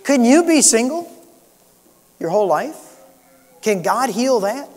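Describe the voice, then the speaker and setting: A male pastor delivers an earnest sermon in a noticeably high voice. He lifts his voice for emphasis, then sinks low and quiet to drive a point home. The sound carries a long reverb from the church hall. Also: big pitch swings, unhurried. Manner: earnest preaching, rising and dropping to soft emphasis. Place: church sanctuary.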